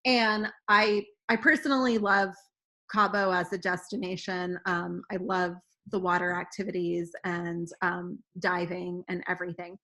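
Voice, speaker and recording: A woman hosting a casual travel chat, halting and full of ums and uhs. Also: fairly low pitch, level tone, bright, forceful tone. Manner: halting, many "um" and "uh". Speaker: host.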